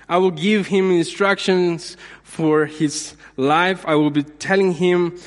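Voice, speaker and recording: A man with a high voice preaches slowly, pausing and repeating his phrases for emphasis. His sermon rings out with the long reverb of a large hall. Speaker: pastor.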